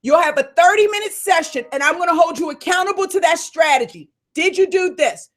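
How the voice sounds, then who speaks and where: High-voiced, fired-up woman coach. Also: brisk. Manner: fired up, loud, addresses listeners as y'all. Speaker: business coach hosting a live Q&A call. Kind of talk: energetic live call, hyping listeners.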